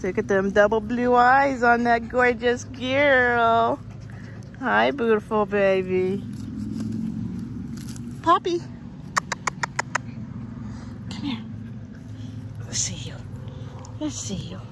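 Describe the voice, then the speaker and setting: Against a noisy background in an outdoor yard, a woman who fosters dogs chats casually and coos coaxing baby talk to puppies. Her voice is a little high, her pace slow, with long pauses.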